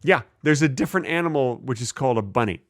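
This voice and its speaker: A man co-hosting a comedy podcast, talking casually in a deadpan, absurd joking way. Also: mid-range voice, fast, no echo, clean studio sound. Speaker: podcast co-host.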